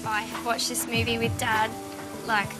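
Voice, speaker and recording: A woman's voice: fairly high pitch, completely flat delivery, normal speed, loud music behind the voice. A woman, a quiz show contestant talking nervously and chattily.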